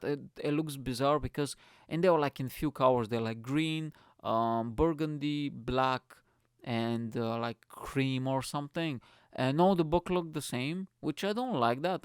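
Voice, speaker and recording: A man hosting a podcast, telling a story in an excitable, rambling way and swearing freely. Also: medium pitch, clear, resonant tone, no echo, clean studio sound. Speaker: podcast host. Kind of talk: casual storytelling monologue.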